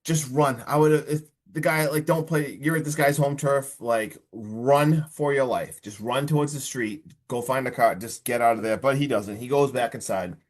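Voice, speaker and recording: A man hosting a casual podcast film review, retelling the plot in an excitable, slangy way and acting out the characters. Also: mid-range voice, moderate pace, few pauses. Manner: animated retelling, acts out the characters. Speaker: podcast host.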